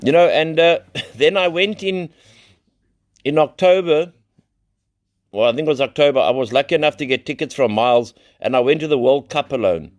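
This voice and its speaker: A man's voice: fairly high pitch, normal speed. A middle-aged South African man, founder of a recovery center, sharing his story in a loose, rambling way, blunt and full of slang and swearing. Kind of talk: live recovery share, casual storytelling.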